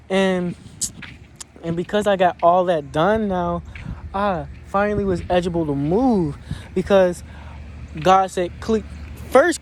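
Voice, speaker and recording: A young man with a squeaky voice chatting casually in a vlog, rambling with restarts, recorded on a phone outdoors. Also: darkish tone, a little hiss or hum. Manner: rambling, restarts, drawn-out pauses. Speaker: vlogger.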